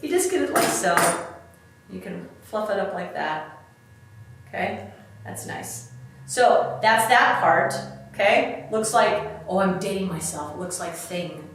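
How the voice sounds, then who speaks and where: Slow-talking woman in an echoey room. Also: mid-range voice, lively intonation. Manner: chatty, self-deprecating, talks through each step. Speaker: DIY expert demonstrating crafts. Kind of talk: casual craft demonstration. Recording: echoey room, mic at a distance, faint background noise.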